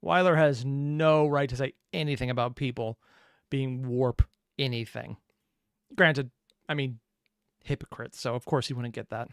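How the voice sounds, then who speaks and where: Sarcastic male reaction host, crisp and dry. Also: medium pitch, steady tone, unhurried, no room sound. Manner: sarcastic, joking asides. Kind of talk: casual commentary.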